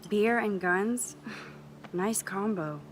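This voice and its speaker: A woman's voice: mid-range voice, slow, slight background noise, natural voice. An actress voicing a wry, introspective teenage girl photographer in a story game, speaking in dry, musing asides. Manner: dry, musing inner monologue. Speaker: game protagonist.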